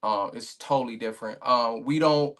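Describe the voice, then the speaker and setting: A man's voice: mid-range voice, normal speed, fairly bright tone. A man talking casually as a guest on a remote podcast call, laid-back and rambling, with many fillers and restarts. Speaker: league owner guest.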